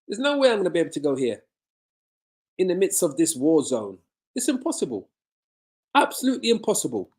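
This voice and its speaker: A man's voice: on the high side, darkish tone. A man preaching a sermon-style Bible lesson on a live video from his home. He asks rhetorical questions, answers them himself, and repeats phrases for emphasis.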